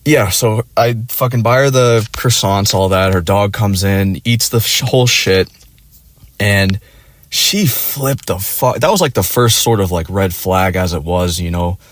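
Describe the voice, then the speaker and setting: A man's voice: fairly low pitch, a little slow, no echo. A young man telling a personal story in a crude, profane, rambling way, with lots of fillers. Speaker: vlogger. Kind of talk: casual storytelling.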